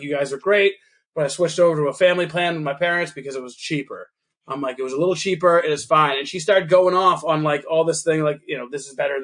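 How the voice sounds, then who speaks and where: A man co-hosting a casual podcast, telling a story in an animated way, acting out both sides of a phone call and swearing freely. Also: fairly high pitch. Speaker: podcast co-host.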